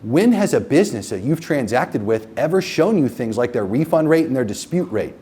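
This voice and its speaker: A man's voice: medium pitch, very animated, brisk, dark tone, slight background noise. A man giving a live seminar to a room of business owners, profane and emphatic, checking in with the audience with questions like "okay?" and "right?". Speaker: marketing agency owner presenting a workshop.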